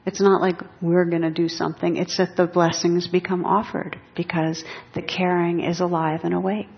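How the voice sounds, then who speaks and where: Woman meditation teacher, unhurried and gentle, lower voice; dull lo-fi recording. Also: flat delivery. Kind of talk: dharma talk.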